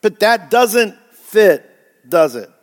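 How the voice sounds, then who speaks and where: Male pastor preaching, pretty high voice, keeps asking the church questions, big hall echo. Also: big pitch swings, slow. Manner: emphatic, asks the congregation rhetorical questions. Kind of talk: sermon.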